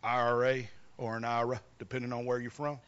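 A man's voice: mid-range voice, flat delivery, a little fast, a bit bright, smooth, dull audio, voice pushed down, natural voice. A man preacher voicing a boastful grown man who brags about his possessions with a swaggering drawl. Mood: bragging.

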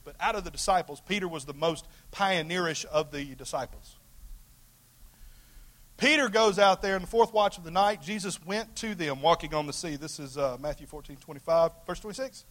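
A man preaching a sermon as pastor in a folksy, colloquial way, swinging between loud emphatic calls and hushed asides. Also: on the high side, animated, fairly quick.

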